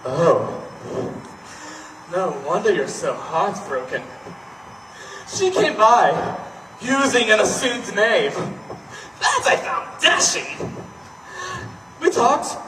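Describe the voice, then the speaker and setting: A man playing a deranged asylum inmate on stage who swings from sly musing to frantic, shouted begging. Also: high voice, very animated, slow pace, long pauses, heavily acted. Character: deranged male asylum inmate, manic and pleading. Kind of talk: stage play acting. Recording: echoey hall from far off, noisy.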